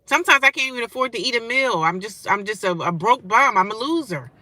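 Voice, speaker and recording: A woman in her forties vlogging straight to her viewers, defiant and sarcastic, jumping from loud outbursts to low mutters. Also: lively intonation, fast talker, no room sound. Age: 40s. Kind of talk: casual direct-to-camera rant.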